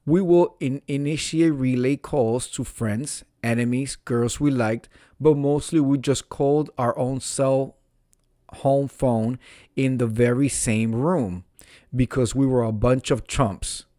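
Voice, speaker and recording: A man reads an online confession aloud in a relaxed, unhurried way, stopping to comment and laugh at the funny parts. His voice sits in a middle register, recorded close and dry with no room sound. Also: medium pitch, no echo. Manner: amused, breaks into laughter. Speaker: social media host reading confessions. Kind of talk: casual reading with commentary.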